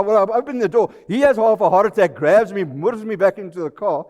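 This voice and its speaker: A man's voice: high-pitched, quick pace, darkish tone. A South African man in his sixties giving a comic, self-deprecating talk on stage at a live presentation night. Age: 60s. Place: live event venue hall. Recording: reverberant hall recording.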